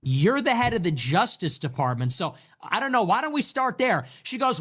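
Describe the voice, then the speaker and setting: A man's voice: high voice, sing-song, moderate pace, fairly bright tone. A man giving ranting livestream commentary on politics, sarcastic and incredulous, mocking what he quotes.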